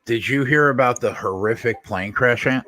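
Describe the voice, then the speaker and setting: A man's voice: medium pitch, normal speed, sharp tone. A man hosting a casual sports betting chat, blunt and swearing casually. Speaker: show host.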